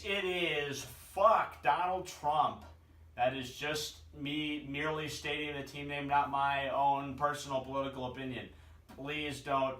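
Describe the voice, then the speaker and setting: A man's voice: on the high side, fairly bright tone. Joking man in an echoey room. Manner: jokey, pun-loving, keeps addressing his friends as "guys". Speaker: fantasy football league member ranking teams. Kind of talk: casual comedic commentary to camera. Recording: echoey room, voice from far off the mic.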